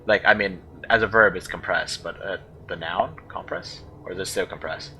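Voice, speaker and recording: A man with a low voice and a bright, forceful tone, talking through a game as he plays. He thinks aloud and hesitates, puzzling over how to say unfamiliar words. A faint hiss of noise sits behind him. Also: normal speed, rough recording. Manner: thinking aloud, unsure, musing over pronunciations. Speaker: let's play gamer. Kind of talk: casual gameplay commentary.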